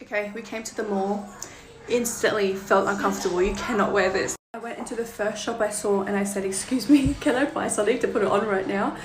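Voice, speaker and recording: A woman's voice: medium pitch, fairly even intonation, fairly quick. A young woman chatting through a casual vlog, bubbly and laughing often. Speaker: vlogger.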